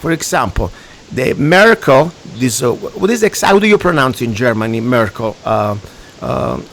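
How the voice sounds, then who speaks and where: A man's voice: medium pitch, animated, moderate pace. A man with an Italian accent hosting a radio talk show, ranting emphatically in broken English. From Italy.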